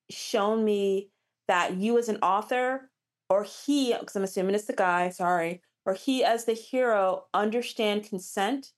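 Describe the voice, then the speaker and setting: Chatty woman author, animated, restarts often, average pitch. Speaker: romance author guest. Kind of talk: casual interview chat.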